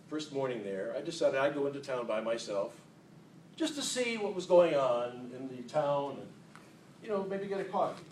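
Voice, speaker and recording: A man giving a humorous contest speech to an audience in a hall, playful and self-mocking, with unhurried comic timing. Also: fairly high pitch, slight background noise. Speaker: contest speaker. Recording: echoey hall, distant mic.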